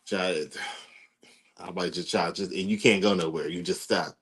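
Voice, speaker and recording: A man co-hosting a casual comedic chat, animated and exasperated. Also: low-pitched, normal speed, husky.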